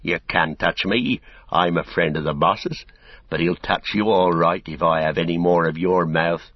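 A man's voice: sits low, fairly even intonation, no room sound. A man doing a sneering surly hobbit. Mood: scornful. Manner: sneering, slow and coarse. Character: surly grimy young male hobbit, sneering. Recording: dull, dry recording.

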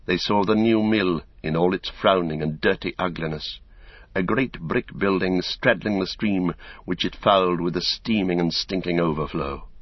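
A man narrating an audiobook in a steady, measured reading. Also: sits low, no echo. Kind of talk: scripted narration. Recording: dull, dry recording.

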